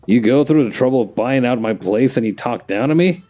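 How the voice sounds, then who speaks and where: A man's voice: medium pitch, a little fast, warm tone, natural voice. A man voicing a brash, sarcastic male gangster who runs a club, for a fan dub of a game. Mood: gruff. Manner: blunt, sarcastic. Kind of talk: fan voice-over of game dialogue.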